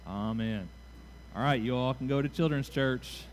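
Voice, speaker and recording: Church leader, male, mid-pitched, bouncy and playful with a crowd of kids. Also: fairly quick, music in the background. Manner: playful and animated with children, call-and-response. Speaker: church leader giving a children's talk. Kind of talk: children's moment in a church service. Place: church sanctuary.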